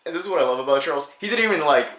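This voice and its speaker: A young man telling a comedic high school story in a rambling way, with many fillers and laughs between phrases. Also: animated, racing, fairly bright tone. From New Hampshire, USA. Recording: roomy echo.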